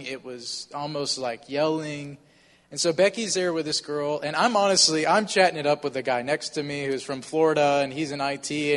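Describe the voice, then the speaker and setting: Man telling a story in a reverberant room. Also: a little high. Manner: conversational, many fillers like "you know". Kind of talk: casual storytelling.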